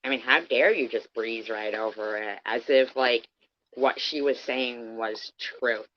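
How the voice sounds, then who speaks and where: Her voice is a bass, and she keeps a measured pace while ranting angrily on a livestream. Heated and profane, she takes on her critics directly and confrontationally, over dull lo-fi stream audio.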